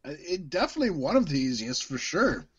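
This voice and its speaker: A wrestling podcast co-host chats casually and bluntly, swearing often, sharing strong opinions and restarting sentences. His fairly high, very animated voice is fairly quick and a bit bright with a breathy edge, heard through dull audio.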